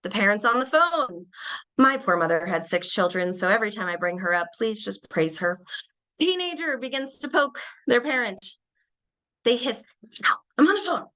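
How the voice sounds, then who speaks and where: A young adult woman presenting a webinar lecture on behavior, animated and acting out little everyday scenes in changed voices. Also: medium pitch, moderate pace, poor audio.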